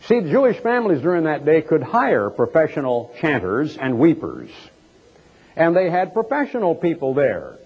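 Man preaching, big dramatic swings up and down, dull muffled recording. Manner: dramatic storytelling with big swings in pitch and pace. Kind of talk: sermon. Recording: dull lo-fi, long hall echo.

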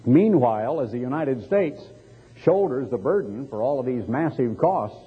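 A man's voice: mid-range voice, animated, normal speed, husky. A man preaching an impassioned, emphatic sermon before a live audience. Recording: tinny lo-fi recording with long hall reverb.

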